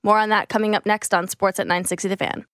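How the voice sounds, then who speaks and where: Smooth-voiced woman hosting sports radio. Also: mid-range voice, steady tone, fast talker, fairly bright tone, no room sound, studio quality. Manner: chatty, laughs often. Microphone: studio microphone.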